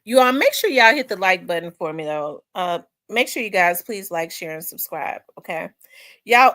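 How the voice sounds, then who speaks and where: A woman with a Memphis Southern accent, hosting a livestream in casual chat, rambling and repeating herself and quick to laugh while she reads viewer comments. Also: mid-range voice, a bit bright, no room sound, clean studio sound. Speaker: livestream host.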